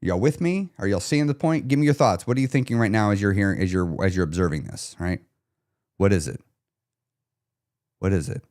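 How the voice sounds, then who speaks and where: A man's voice: lowish voice, expressive, fairly quick, pauses often, a little mellow. A man coaching viewers on a live stream, speaking emphatically, repeating key questions and checking in with his audience. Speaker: weight loss coach.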